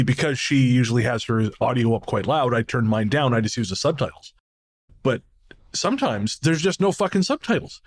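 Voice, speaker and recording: Wry, sweary male podcast co-host. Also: mid-range voice. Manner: wry and sweary, with dry jokes. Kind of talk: casual chat.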